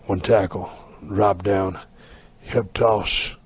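A bossy little horsefly with a low, gravelly grumble, as a man puts him on in a comedy story. He barks orders in blunt, clipped bursts, sitting well below the storyteller's own voice. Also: fairly even intonation, very slow, no echo, exaggerated voice. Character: gruff male horsefly calling wrestling moves.

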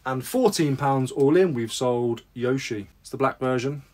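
A man's voice: mid-range voice, measured pace, a little mellow. A man chatting casually in a vlog about his sales, rambling and making self-deprecating asides. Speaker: reseller vlogger.

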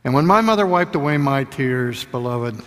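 An older man delivers a sermon lecture at a middle pitch, moving between storytelling and quiet, hushed emphasis. His voice carries a long reverb tail from the hall. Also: animated, normal speed. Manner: storytelling, drops to a hushed voice for tender points. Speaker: preacher lecturing.

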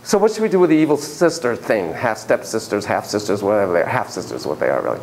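A man's voice: on the low side, very animated, quick pace, vocal fry, background noise. A man lecturing a class on psychotherapy, telling a story theatrically with gasps, laughs and sudden drops to a whisper.

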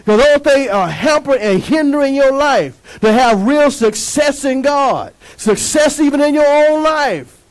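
A man preaching a sermon as pastor, emphatic and lively, asking the congregation to answer back. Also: extremely high pitch, measured pace, poor audio.

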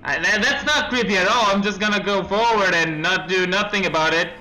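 Young male let's-player, bright tense voice, jumpy horror-game commentary full of nervous laughs. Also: high-pitched, brisk, low-quality recording. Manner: jumpy reactions, reading game text aloud, nervous laughs. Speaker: let's play gamer.

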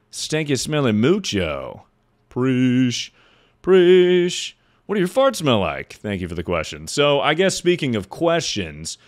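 A man with a deep voice chatting casually with his livestream viewers, making sarcastic jokes and sounding like he is announcing things. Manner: sarcastic, joking asides.

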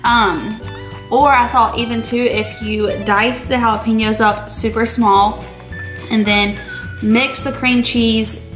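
A woman's voice: a little high, fairly even intonation, takes it slowly, a bit bright, faint music behind. A young woman, chatting casually to viewers while she cooks in her home kitchen. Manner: chatty, addresses viewers as y'all. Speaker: cooking vlogger. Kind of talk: casual cooking vlog.

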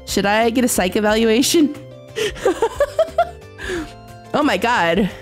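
A young woman streaming a game, chatting casually and excitably with her viewers, often giggling. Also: fairly high pitch, slow. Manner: excitable, giggly, talks to chat. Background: faint background music.

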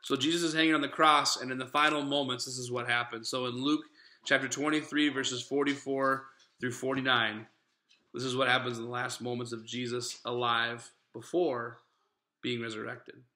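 A man's voice: mid-range voice, level tone, moderate pace, pushed and bright. Earnest conversational male preacher. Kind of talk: sermon. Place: church sanctuary. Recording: echoey church room.

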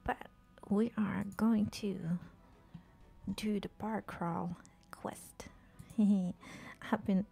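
A woman's voice: medium pitch, steady tone, drawn-out words, vocal fry, warm tone, breathy edge, soft background music. A woman chatting casually while streaming a game, swearing freely, talking to game characters and often dropping to a whisper. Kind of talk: casual live-stream chat while gaming.

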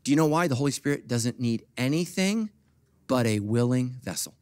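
A middle-aged man preaching a sermon as pastor, jumping between quiet asides and loud animated peaks, with humorous asides to the congregation. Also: medium pitch, normal speed. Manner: animated preaching with big swings from soft to loud.

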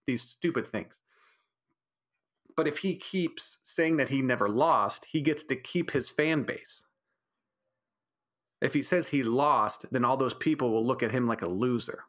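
A man's voice: medium pitch, a bit bright. A man hosting a casual solo podcast from home, talking in a blunt, rambling, opinionated way, with mild profanity and lots of fillers. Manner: frequent fillers and restarts. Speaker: podcast host.

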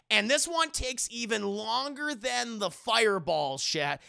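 A young man streaming, recapping a show to his live chat in an animated, profane way. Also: high voice, a little slow, vocal fry, few pauses, clean tone. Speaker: streamer, anime reviewer.

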